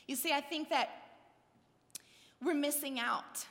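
A woman preacher giving a sermon. She is animated and conversational, acting out little scenes and asking her listeners questions. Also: high voice, slow pace, long pauses, big-room sound. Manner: animated, acts out scenes in voices; conversational, asks the audience questions.

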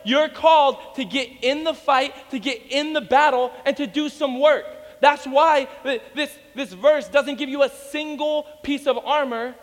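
A man preaching an energetic sermon to a congregation, telling stories and acting out the voices of the people in them. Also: very high voice, unhurried, hardly any pauses, in a large hall. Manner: animated storytelling, acts out voices. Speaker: pastor.

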